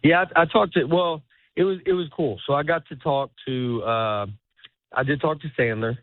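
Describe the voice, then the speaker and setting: A comedian talking as a guest in a casual interview, rambling and cutting himself off, laughing often. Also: male voice, on the high side, moderate pace, no echo. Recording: tinny phone-like line.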